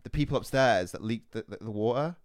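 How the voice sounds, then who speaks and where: A young man telling a story in casual podcast chat, animated and swearing freely. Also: medium pitch, no echo, clean studio sound. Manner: animated, swearing, quick retorts. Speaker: podcast host.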